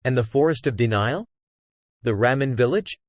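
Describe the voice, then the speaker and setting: A man's voice: medium pitch, expressive, normal speed, no room sound, natural voice. A man voicing a brash, hot-tempered young woman. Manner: curt, swearing, pressing questions.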